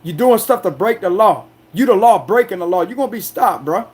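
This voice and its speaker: A man delivering an angry, defiant monologue as a tarot reader, confrontational and forceful, repeating himself to drive points home. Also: high-pitched, expressive, a little fast, husky. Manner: loud, forceful, aggressive delivery.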